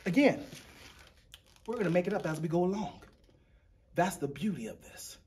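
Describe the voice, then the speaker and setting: High-voiced playful man hosting a painting show. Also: expressive, normal speed, a little mellow. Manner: playful, chatty, jokey. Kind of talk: casual painting demonstration.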